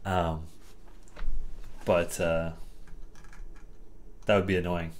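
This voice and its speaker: Brief: relaxed low-voiced male co-host, light hiss in the background. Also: extremely slow. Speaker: co-host and songwriter. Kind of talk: casual chat.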